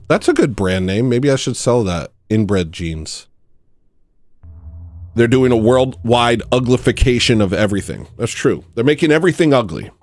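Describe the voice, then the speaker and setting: A man's voice: mid-range voice, a little mellow. A man hosting a livestream, rambling through a comedic monologue that jumps between tangents and laughs at his own jokes. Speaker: livestream host.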